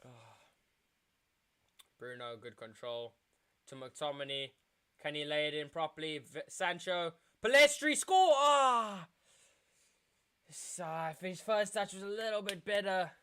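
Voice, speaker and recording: A tired young man from South Africa giving excitable live commentary while streaming a football match as a fan. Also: a little high, moderate pace, long pauses, smooth. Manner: excitable fan, shouting at big moments, chanting. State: tired, yawning. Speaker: watchalong streamer.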